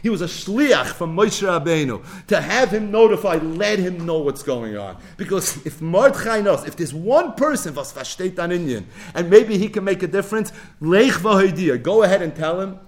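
A male Torah teacher with a high, very lively voice that swings widely up and down. He tells the story animatedly, mixing Hebrew phrases into his English as he teaches. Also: moderate pace, hardly any pauses. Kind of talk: animated religious class.

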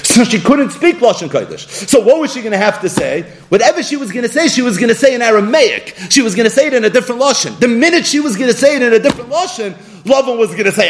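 A man giving a Torah lesson in an animated way, acting out the people he quotes and weaving in Hebrew and Aramaic terms. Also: very high voice, fast talker, hardly any pauses, slight background noise. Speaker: Torah teacher.

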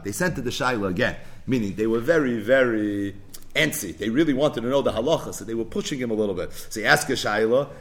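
A man teaches a daily Talmud lesson in a conversational way, posing questions and then answering them himself. His pitch rises and falls freely as he explains. He mixes English with Hebrew and Aramaic terms.

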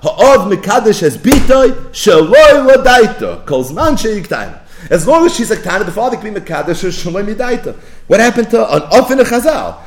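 A man teaching a Talmud lesson, chanting quoted texts in a singsong and building to near-shouts. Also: a little high, slight background noise. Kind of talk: yeshiva-style Talmud lecture.

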